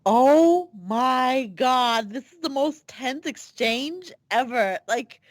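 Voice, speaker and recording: A woman co-hosting a podcast, reacting excitedly in casual chat, with lots of filler words. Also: high voice, takes it slowly, no echo, studio quality. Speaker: podcast co-host.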